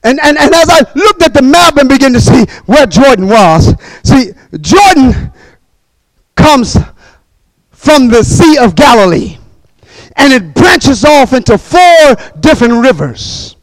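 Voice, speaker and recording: Preacher, male, very high voice, dry close sound; calls to the congregation, shouts, repeats himself. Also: sing-song, dry recording, poor audio. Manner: call-and-response preaching, bursts of shouting, quick repetitions. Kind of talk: sermon.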